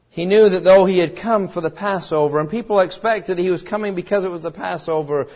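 A high-pitched male pastor delivers an emotional sermon a little fast with few pauses, rising to loud cries and then dropping to hushed, low lines. He acts out the quoted voices in his story, and the recording is dull and lo-fi.

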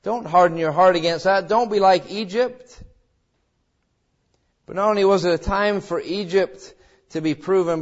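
A man preaching a sermon as pastor, swinging between calm teaching and dramatic, acted-out quoted cries. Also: a little high, dull audio. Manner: preaching with dramatic rises, voicing quoted cries and God's words.

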